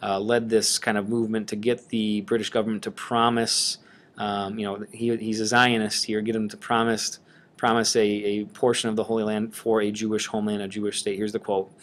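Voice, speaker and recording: A man's voice: fairly low pitch, flat delivery, a little fast. A man teaching a history lesson in a casual screencast lecture, talking loosely while pointing things out on a map. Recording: voice-over on a screencast.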